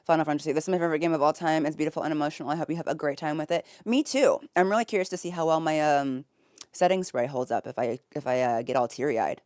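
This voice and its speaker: A woman's voice: low-pitched, fast talker, darkish tone, no echo, clean studio sound. A woman streamer chatting casually and greeting her chat from her home office, giggly and effusive. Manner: giggly and effusive, with frequent laughs.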